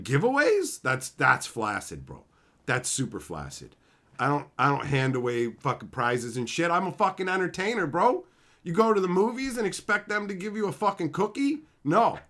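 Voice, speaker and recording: A man's voice: on the high side, a bit bright. A young man hosting a livestream, ranting in a brash, profane, swaggering way. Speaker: livestream host. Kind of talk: casual livestream rant.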